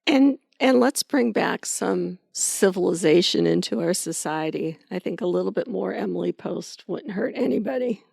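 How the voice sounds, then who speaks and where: A woman's voice: mid-range voice, animated, moderate pace, vocal fry, few pauses, darkish tone, breathy edge, no room sound, clean studio sound. A woman co-hosting a podcast, chatting casually and speaking firmly about manners. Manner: opinionated, firm about manners. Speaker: podcast co-host. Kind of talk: casual chat.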